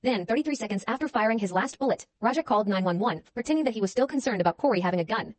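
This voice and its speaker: Brief: female true-crime narrator, brisk scripted read, dry pointed delivery. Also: fairly high pitch, expressive, a little hiss or hum. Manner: matter-of-fact, dryly pointed.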